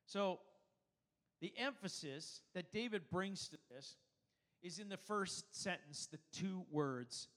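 A man's voice: fairly high pitch, a little slow, fairly bright tone, in a large hall. A man preaching a conversational sermon, teaching as he goes and often restarting his sentences. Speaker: pastor.

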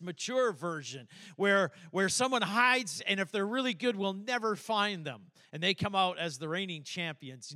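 High, bright-voiced older man preaching. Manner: animated storytelling, acting out voices. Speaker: pastor. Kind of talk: sermon.

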